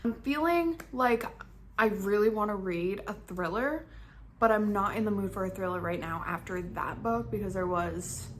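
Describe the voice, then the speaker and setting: A woman's voice: mid-range voice, moderate pace, slight background noise. A young woman chatting casually about books in a reading vlog, rambling and full of "like" fillers. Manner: chatty, rambling, heavy use of "like". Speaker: book vlogger.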